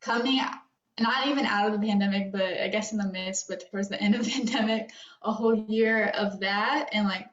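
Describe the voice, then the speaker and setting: A woman's voice: mid-range voice, fairly quick. A young woman talking in a conversation, close to tears, rambling with lots of fillers and nervous laughs. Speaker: guest. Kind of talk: emotional personal conversation. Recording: roomy, dull lo-fi sound.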